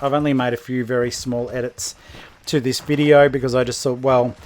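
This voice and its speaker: A man talking through a video game as he plays, in a casual, rambling way. His voice sits at a middle pitch and he often pokes fun at himself. A faint noise hums under the recording. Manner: chatty, rambling, self-deprecating. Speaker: gaming podcast host. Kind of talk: let's play commentary.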